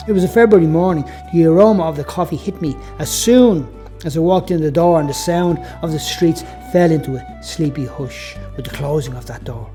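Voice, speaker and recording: A man's voice: a little high, dark tone. A man reading his own story aloud as a reflective, first-person audiobook narration.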